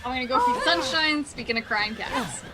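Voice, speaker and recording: A woman teasing her friends while they play a game. Her voice is high, bright and lively, and faint game music sits behind her. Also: normal speed, a faint crowd, low-quality recording. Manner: teasing, laughing. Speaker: friend in a gaming session. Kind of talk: casual chat.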